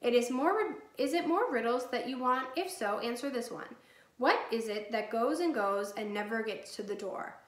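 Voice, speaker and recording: A woman reading as calm, odd little girl. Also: a little high, normal speed. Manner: calm, matter-of-fact. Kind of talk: storybook reading. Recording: echoey room.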